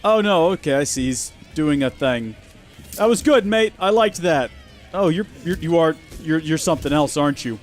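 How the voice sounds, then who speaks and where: A man's voice: a little high, expressive, normal speed, faint music behind. A man hosting a gaming video, giving chatty, wry and sarcastic commentary as he plays. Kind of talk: let's play commentary.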